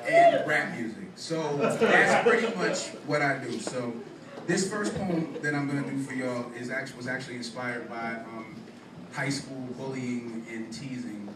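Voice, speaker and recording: A man's voice: medium pitch, big pitch swings, measured pace. Guy doing slam poetry on stage, punchy rhymes, echoey room, mic kinda far off. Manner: rhythmic rhymed delivery, punchy emphasis. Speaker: spoken word poet. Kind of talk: spoken word poetry performance. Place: live performance room with audience. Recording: echoey room, distant mic, background noise.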